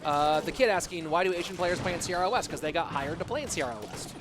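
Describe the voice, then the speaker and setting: Excitable high-voiced male game caster. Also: fast talker, noisy background. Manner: chatty, excitable play-by-play, talks to chat. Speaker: esports caster. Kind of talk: live stream commentary. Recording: music bed behind voice.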